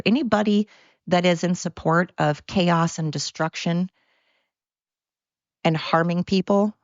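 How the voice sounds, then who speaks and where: A woman's voice: deep voice, gravelly, dry recording, highs cut off. A woman hosting her own podcast, ranting in a heated, blunt way and swearing freely. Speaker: podcast host. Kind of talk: solo podcast rant.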